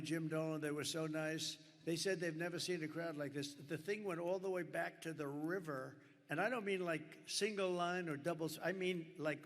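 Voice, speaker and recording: Gravelly older man rambling at a rally. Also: on the high side, a bit bright. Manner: rambling, conversational, heavy on superlatives and asides to the crowd. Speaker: political candidate at a campaign rally. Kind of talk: rally speech. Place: large packed rally venue. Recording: echoey arena sound with crowd noise.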